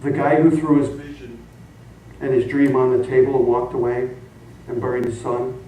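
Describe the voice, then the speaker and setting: A man's voice: medium pitch, moderate pace, slight background noise. A middle-aged man preaching a sermon, telling stories and laughing along as he goes. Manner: animated, laughing storyteller. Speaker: pastor. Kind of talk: sermon storytelling. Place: church sanctuary. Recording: echoey hall from far off.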